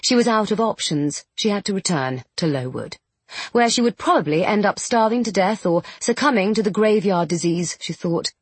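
Audiobook narrator, woman, husky tone, dry close sound, measured read. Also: medium pitch, no room sound. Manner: measured, expressive reading. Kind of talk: scripted narration.

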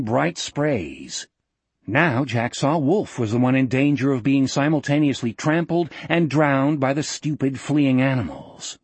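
Give me a man narrating an audiobook with steady, dramatic storytelling. His voice is husky with a rough edge, recorded dry and close with no room sound. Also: mid-range voice, no echo. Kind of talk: scripted narration.

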